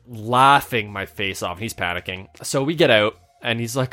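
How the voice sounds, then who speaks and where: A man's voice: fairly low pitch, moderate pace, hardly any pauses, pushed and bright, soft background music. Laughing man telling a casual story. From Canada. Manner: laughs often while telling a story, rambling restarts. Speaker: podcast co-host.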